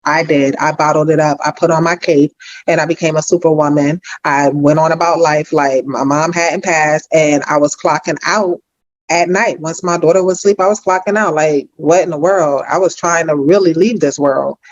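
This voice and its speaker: A woman's voice: low-pitched, steady tone, normal speed. Earnest, insistent woman coach, lo-fi audio. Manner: earnest, insistent, repeats advice. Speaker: growth mindset coach. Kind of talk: supportive coaching advice.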